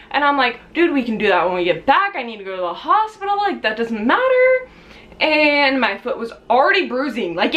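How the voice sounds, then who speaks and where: A young woman vlogger telling a casual storytime, chatty with lots of fillers, acting out quotes in shrill high voices. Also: fairly bright tone, slight background noise.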